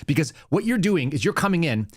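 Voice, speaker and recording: A man's voice: a little high, sing-song, fairly quick, no echo. Male show host, casual monologue delivery, restarts and repeats words; dry, close sound. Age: adult with young child. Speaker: podcast host.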